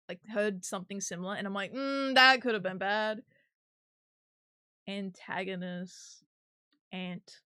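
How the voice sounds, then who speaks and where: A woman's voice: medium pitch, fairly bright tone, no echo, studio quality. A woman streamer chatting casually while she works on a 3D model, giggly and swearing now and then.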